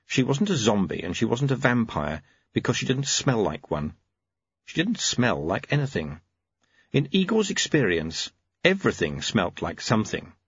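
Male narrator, wry storyteller, lowish husky voice, dull lo-fi dry recording. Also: very animated, moderate pace, fairly bright tone, dry recording. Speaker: audiobook narrator. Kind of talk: scripted narration.

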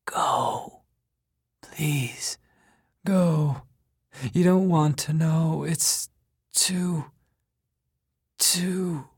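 A man's voice: on the high side, takes it slowly, pauses often, a little mellow, slightly rough, no room sound, clean studio sound, voice pushed up. A man voicing a frail, exhausted man with a thin, faint, tired voice that trails off weakly. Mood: pleading weakly. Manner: weak and whispery, trailing off.

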